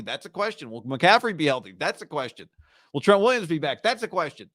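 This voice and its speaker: A man's voice: on the high side, fairly bright tone, no room sound, clean studio sound. A man hosting a sports talk show, giving casual, emphatic commentary and repeating lines for punch.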